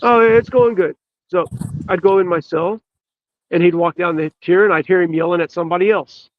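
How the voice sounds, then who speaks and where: A man, a podcast guest, telling a story in an earnest, emphatic way with drawn-out pauses. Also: high voice, little pitch movement, dry recording. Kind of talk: storytelling in casual chat. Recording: dull, lo-fi dry sound.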